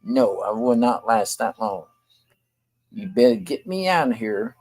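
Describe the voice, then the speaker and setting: A man's voice: medium pitch, very animated, measured pace, vocal fry, darkish tone, rough recording. An older man, hosting a talk show and complaining bluntly and repetitively. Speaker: show host. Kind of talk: venting monologue to camera.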